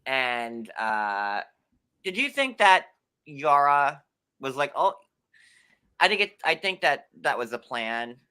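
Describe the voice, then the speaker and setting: A man from New York hosts a loose recap chat in a bright, forward voice. He rambles, leans on fillers and jumps up in pitch when he gets going. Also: big pitch swings, slow pace, pauses often, clean tone. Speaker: podcast host.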